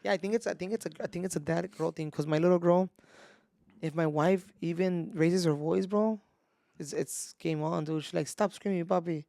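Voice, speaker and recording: Gravelly-voiced young man chatting casually. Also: fairly high pitch, moderate pace, warm tone, no room sound, clean studio sound. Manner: laid-back, peppers talk with "bro" and "dude". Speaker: podcast co-host. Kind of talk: casual chat.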